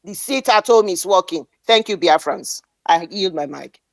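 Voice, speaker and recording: A woman's voice: fairly low pitch, animated, moderate pace, no room sound. A woman giving an impassioned political speech, defiant and declamatory, repeating lines for emphasis. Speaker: speaker at an online activist meeting.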